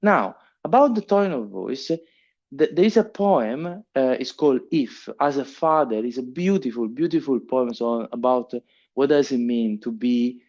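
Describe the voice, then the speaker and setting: A middle-aged man with an Italian accent giving a keynote lecture, halting with frequent fillers and restarts. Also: medium pitch, expressive, a little mellow, highs cut off. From Italy. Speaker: keynote speaker. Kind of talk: conference lecture. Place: conference hall.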